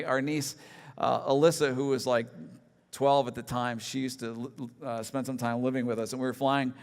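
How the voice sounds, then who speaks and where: A man's voice: mid-range voice, creaky, clear, resonant tone. A middle-aged man, a pastor, preaching a conversational sermon with humorous personal stories. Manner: storytelling, self-deprecating humor, conversational. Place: church sanctuary. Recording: large hall with long reverb.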